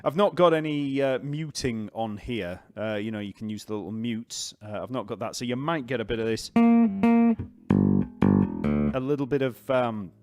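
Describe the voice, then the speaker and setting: A man with a Yorkshire accent, a bass teacher chatting casually on a live stream, rambling and reading out viewer comments. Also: brisk, few pauses, faint music behind. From Yorkshire, northern England.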